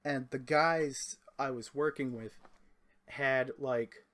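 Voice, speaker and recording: A man's voice: medium pitch, slow pace. A young man telling a rambling, profane story in a casual monologue, acting out quoted lines as he goes. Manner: rambling, profane, animated retelling with quoted voices. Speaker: storyteller vlogger.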